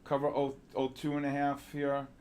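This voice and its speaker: A male trading show host giving excitable live market commentary, exclaiming and calling out viewers by name. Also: mid-range voice, moderate pace, a little hiss or hum.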